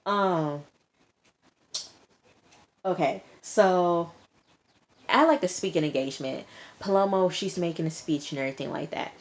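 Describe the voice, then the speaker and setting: Brief: young woman, low voice, sassy casual TV recap vlogger who snaps back at characters. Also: measured pace, pauses often. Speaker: TV episode reviewer.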